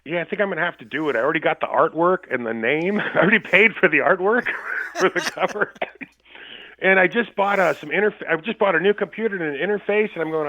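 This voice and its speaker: A man's voice: high voice, fast, bright, forceful tone. A man calling in as a guest musician, telling rambling, profane stories with frequent laughs. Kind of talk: casual storytelling chat. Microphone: phone call. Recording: tinny phone line.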